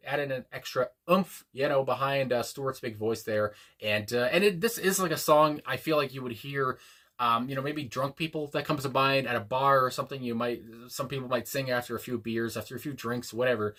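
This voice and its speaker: Bright-voiced man musing with many fillers. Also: mid-range voice. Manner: rambling, hesitant, many fillers and restarts; earnest and reflective. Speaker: music reaction host. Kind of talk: casual spoken reaction.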